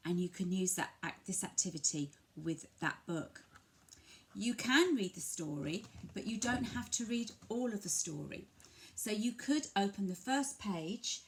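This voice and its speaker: An English woman from a family centre explains to parents how to share a picture book, talking gently and patiently and switching to a bright sing-song voice when modelling words. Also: medium pitch. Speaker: family centre early language worker. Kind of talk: instructional talk to parents, demonstrating a picture book.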